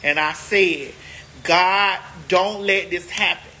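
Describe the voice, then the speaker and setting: A woman's voice: on the low side, takes it slowly, bright, forceful tone. A woman hosting a casual livestream, chatting to viewers in a sassy, emphatic way, stretching words out for effect. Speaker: livestream host.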